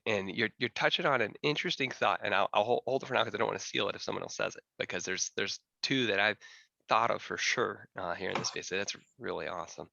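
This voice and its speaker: Gravelly-voiced man moderating a panel. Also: fairly low pitch, quick pace, pushed and bright, no echo, lo-fi sound. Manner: chatty, restarts often, asks guests questions. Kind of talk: casual panel discussion.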